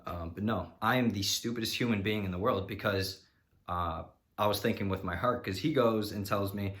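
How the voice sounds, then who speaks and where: A man vlogger tells a story in a loose, rambling way, with lots of "you know" and restarts. His voice sits on the low side, and a frustrated edge runs through his telling. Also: brisk, a bit bright. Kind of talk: casual storytelling.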